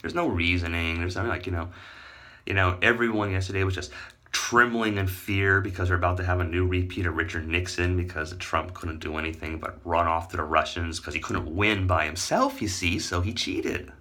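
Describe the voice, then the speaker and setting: Deep-voiced man on a rambling rant. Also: a little fast, bright, forceful tone. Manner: rambling, sarcastic, profane, addressing viewers. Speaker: vlogger. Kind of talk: casual vlog rant.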